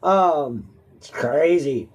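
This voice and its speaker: A man's voice: fairly high pitch, extremely slow. A man with a stuffy nose, a host chatting casually and answering viewer questions, rambling and laughing often. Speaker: auctioneer.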